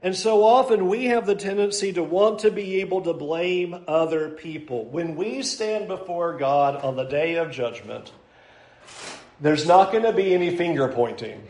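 A man's voice: high-pitched, expressive, moderate pace, darkish tone. A man preaching a sermon in an emphatic way, hammering home his points with repetition and dry sarcasm. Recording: roomy echo.

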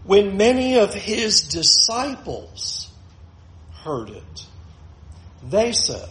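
A man preaching a sermon, reading scripture slowly and acting out the crowd's voices. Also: high-pitched, wildly swooping pitch, a bit bright, roomy sound, low-quality recording.

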